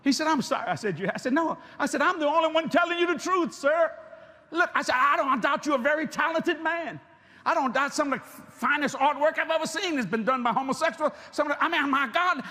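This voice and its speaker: A male preacher, telling stories in a sermon, animated and joking, bursting into shouted emphasis. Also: very high voice, brisk. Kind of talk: sermon with storytelling.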